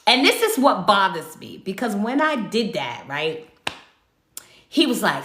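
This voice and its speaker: A woman with a bright, lively voice, speaking in with a somewhat high pitch. She tells a personal story in an emphatic, animated way, swearing freely. The room is echoey. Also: moderate pace. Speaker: spiritual livestreamer. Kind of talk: casual livestream chat.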